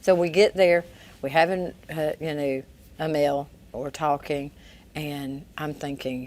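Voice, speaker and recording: Low-pitched woman sharing her testimony on a faith talk show, animated, acts out the dialogue, slight hiss behind. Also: a little slow. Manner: animated storytelling, acting out quoted dialogue. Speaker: guest. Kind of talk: personal testimony in a Christian talk interview.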